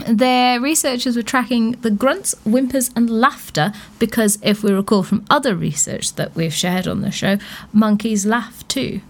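A woman with a voice on the high side hosts a radio show at a normal speed. She chats casually, laughing frequently and thinking aloud.

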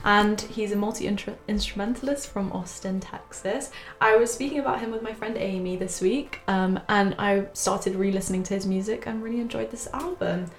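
A woman's voice: medium pitch, moderate pace, hardly any pauses. Young woman hosting, roomy echo. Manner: chatty, self-correcting. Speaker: radio show host. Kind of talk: casual radio chat.

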